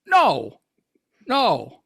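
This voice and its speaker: A stammering, drawling old-time movie hero who pleads and scolds in a folksy way, as a man puts him on. The voice sits well above the speaker's own and comes out louder. It is recorded dry and close. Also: very high-pitched, wildly swooping pitch, extremely slow, vocal fry, slightly rough, no echo, voice pushed up, full character voice. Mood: pleading. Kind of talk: comedic impression on a podcast.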